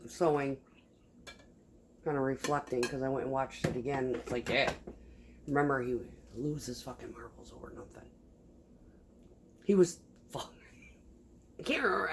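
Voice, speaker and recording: A woman's voice: deep voice, moderate pace, pauses often, slight background noise. A woman vlogger chatting casually at home, rambling, swearing a lot and laughing often. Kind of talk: casual chat while sewing. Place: home kitchen.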